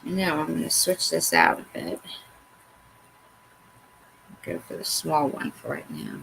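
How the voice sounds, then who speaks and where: A woman's voice: sits low, sing-song, slow, gravelly, background noise. A woman hosting a crafts tutorial, chatting casually and talking to herself as she works, poking fun at her own mistakes. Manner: chatty, talks to herself while working, self-mocking. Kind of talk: casual how-to talk while working.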